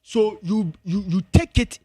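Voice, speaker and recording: A man's voice: sits high, unhurried, warm tone, slightly rough, dry recording. A man with a Ghanaian accent, a music pundit on a radio entertainment show. He argues emphatically and insistently, repeating himself to hold the floor. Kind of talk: heated entertainment-show debate. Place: radio studio.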